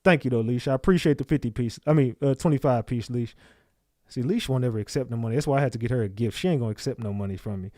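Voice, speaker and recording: A man's voice: medium pitch, quick pace, warm tone, dry recording, studio quality. Slangy man hosting a livestream. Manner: loose, slangy, calls out chat names. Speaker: livestream host. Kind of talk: casual livestream chat with viewers.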